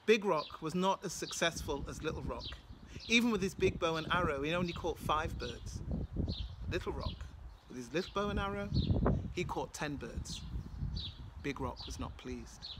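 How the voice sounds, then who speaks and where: A woman's voice: sits low, expressive, unhurried, long pauses, noisy background. A woman from Britain with a British accent, telling a folktale with rhythmic, dramatic repetition. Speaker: storyteller. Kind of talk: oral folktale storytelling.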